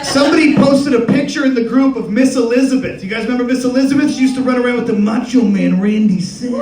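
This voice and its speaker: Young male stand-up comic, high-pitched, crude and rambling, roomy live club audio with crowd noise. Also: far from the mic. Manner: crude, rambling, conversational, swears a lot. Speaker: stand-up comedian. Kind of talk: stand-up comedy set. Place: live comedy club stage with audience. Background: audience laughter.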